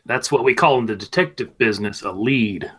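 A man's voice: fairly low pitch, fairly quick, a bit bright, slightly rough. A man playing his character in a tabletop game, hesitant and full of fillers, with a wry edge. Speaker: player.

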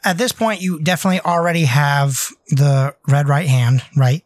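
A man's voice: on the high side, steady tone, normal speed, no echo. A man running a tabletop game as game master, narrating loosely with many hesitant fillers.

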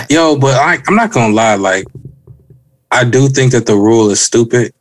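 A man's voice: medium pitch, a little slow, no room sound. A man co-hosting a podcast, laid-back, repeating words for emphasis. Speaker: podcast co-host. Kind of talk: casual chat.

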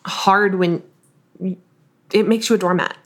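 A woman from the northern United States co-hosting a podcast, talking candidly in a confessional, halting way with frequent restarts. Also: mid-range voice, fairly even intonation. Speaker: podcast co-host. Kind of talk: candid casual chat.

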